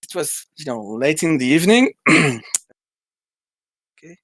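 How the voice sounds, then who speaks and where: A man's voice: a little high, sing-song, measured pace, no room sound. A man from France with a French accent, an indie game developer chatting in an interview, hesitant with many restarts and laughter. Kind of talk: casual interview chat.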